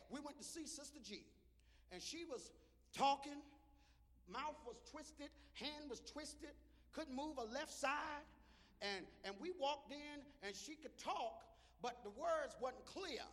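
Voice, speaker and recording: A male preacher telling a storytelling sermon, breaking into rhythmic shouts. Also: extremely high pitch, expressive, measured pace. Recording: echoey hall reverb.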